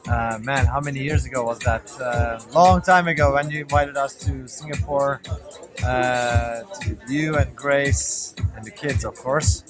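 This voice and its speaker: Guy, mid-pitch, stumbling thru a bday message with loud hip hop playing behind. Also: steady tone. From Turkey. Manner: halting, many uh fillers. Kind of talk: casual birthday message. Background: hip hop music.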